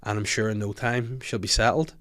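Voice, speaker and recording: A man's voice: lowish voice, steady tone, brisk, a bit bright. A young man with a Northern Irish accent hosting a comedy podcast, rambling and jokey with crude asides. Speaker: podcast host. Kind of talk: casual comedic chat.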